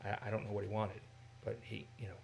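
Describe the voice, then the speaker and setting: An American man teaching in a casual discussion, animated and given to acting out voices in his examples. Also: lowish voice, quick pace, creaky, slight background noise. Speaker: Bible teacher.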